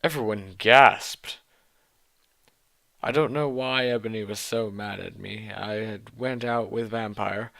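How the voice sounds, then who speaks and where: Gravelly, sarcastic young man reading aloud. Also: fairly low pitch, fairly even intonation, takes it slowly, fairly bright tone, dry recording. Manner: exasperated, mocking asides. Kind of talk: sarcastic dramatic reading of fan fiction.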